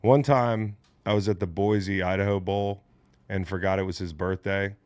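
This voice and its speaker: A low-pitched man in his late thirties hosts a casual sports talk show. He is animated and joking, swears freely, and sounds close and dry with no room around him. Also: moderate pace, clear, resonant tone, no echo. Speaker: podcast host.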